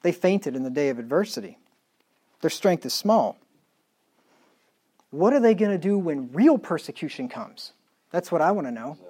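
A middle-aged male pastor preaching a sermon emphatically, reading scripture slowly and dropping into quiet asides. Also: a little high, expressive, breathy edge. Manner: emphatic preaching, reads scripture in slow measured tones, drops to quiet asides.

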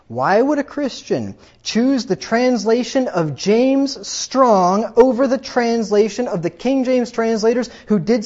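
A man preaching a combative, sarcastic sermon that builds to emphatic, drawn-out peaks. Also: high voice, darkish tone, highs cut off. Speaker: pastor.

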